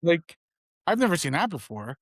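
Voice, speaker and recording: Young male podcast co-host, slightly high voice, dry close sound, rambling storyteller acting out dialogue. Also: very animated, normal speed, dry recording. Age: 20s. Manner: rambling anecdote, acts out the other man's lines. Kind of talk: casual storytelling chat.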